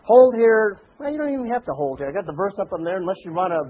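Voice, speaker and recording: A man preaching a sermon, telling stories animatedly and swinging between loud and hushed delivery. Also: high-pitched, very animated, fast, narrow, tinny audio. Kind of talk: sermon with storytelling.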